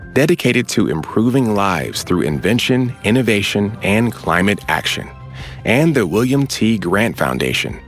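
A man reading a radio sponsor message in a lilting announcer style. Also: on the low side. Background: soft music.

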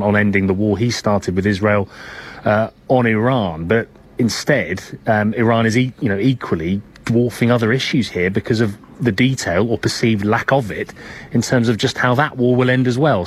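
Male field correspondent, low husky voice, measured live report with restarts. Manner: measured, with frequent hesitations and restarts.

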